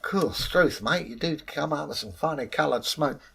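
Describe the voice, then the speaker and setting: A man's voice: on the high side, lively intonation, moderate pace, vocal fry, pushed and bright, slightly rough, pitched above the performer's own voice, full character voice. Guy doing a cocky aussie-talking cat, blunt, mate this mate that. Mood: cheeky. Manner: blunt, matey.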